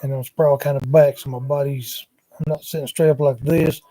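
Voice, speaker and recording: Man, casual rambling livestreamer, dark mellow voice, dry laptop sound. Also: mid-range voice, steady tone, brisk, no echo. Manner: drawling, wandering, muttering asides. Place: at home, sprawled on a couch. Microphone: laptop microphone.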